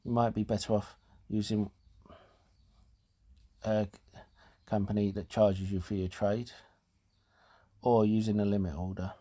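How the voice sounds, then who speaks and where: A man hosting a casual talk show, explaining things in a halting way with fillers and restarts, and sounding out of breath. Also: on the low side, little pitch movement, dark tone. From United Kingdom. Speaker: host.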